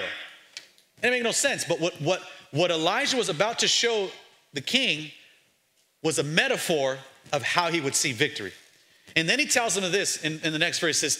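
Bright-voiced energetic male pastor. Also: fairly high pitch, a little fast. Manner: lively, joking, calls out to the congregation. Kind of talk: energetic sermon. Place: church.

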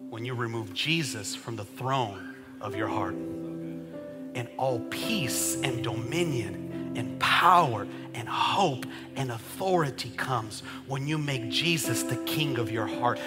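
A man pastor preaching a sermon to a congregation. He swings from shouting to hushed tones and calls out to the crowd. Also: mid-range voice. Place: church service. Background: music.

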